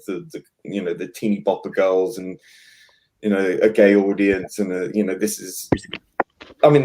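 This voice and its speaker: A man with a lowish voice holds forth in a relaxed chat. He stumbles over his words and restarts often, yet his opinions come out firm. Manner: hesitant, many restarts and fillers, opinionated. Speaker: podcast host. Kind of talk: casual chat.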